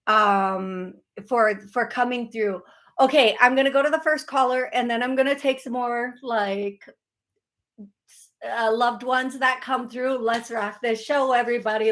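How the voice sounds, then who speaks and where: A woman hosting a live call-in show as a psychic medium, talking in a chatty, emotional and rambling way. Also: a little high.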